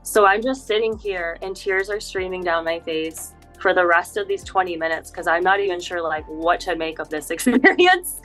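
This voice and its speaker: A woman from Upstate New York, a spiritual healer, telling her story as a podcast guest in an animated way with quick laughs. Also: lowish voice, soft background music, low-quality recording. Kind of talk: casual interview chat.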